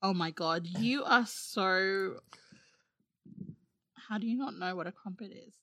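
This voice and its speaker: A woman's voice: medium pitch, measured pace, sharp tone, dry recording. Chatty woman in casual banter. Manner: chatty, laughing, hesitant with fillers. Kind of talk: casual chat.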